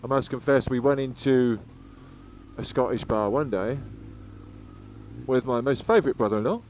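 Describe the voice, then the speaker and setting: A man's voice: mid-range voice, lively intonation, moderate pace, darkish tone. A man from England rambling chattily as he rides a motorcycle, swearing freely and drifting between topics. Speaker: motorcycle vlogger. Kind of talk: casual riding commentary. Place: outdoors on a moving motorcycle on the road. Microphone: helmet-mounted action camera. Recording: faint road and engine noise.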